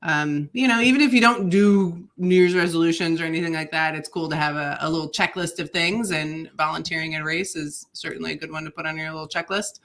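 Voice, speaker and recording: A woman's voice: sits low, steady tone, fast talker, hardly any pauses, fairly bright tone. A woman co-hosting a running podcast in casual chat, talking with many fillers and laughing often. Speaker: podcast co-host.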